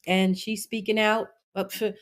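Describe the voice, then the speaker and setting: A woman's voice: medium pitch, level tone, unhurried. A woman co-hosting a podcast with her sister, chatting casually and teasing playfully. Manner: teasing, playful, laughs at herself. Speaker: podcast co-host. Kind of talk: casual chat.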